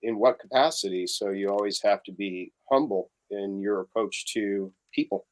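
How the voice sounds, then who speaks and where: A man's voice: on the low side, normal speed. A middle-aged man chatting as a podcast guest, telling stories and acting out the voices of people in them. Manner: storytelling, acts out quoted voices. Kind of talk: casual podcast chat.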